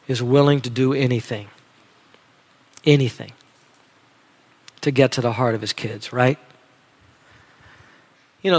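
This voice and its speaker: A man preaching a sermon in an animated, dramatic way, moving between loud and soft delivery. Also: medium pitch, long reverb tail. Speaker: pastor.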